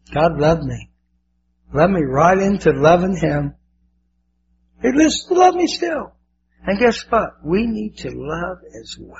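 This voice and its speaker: A man's voice: fairly high pitch, creaky, darkish tone. An older man preaching a sermon as pastor, fervent and emotional, repeating his words. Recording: dull lo-fi with faint hiss.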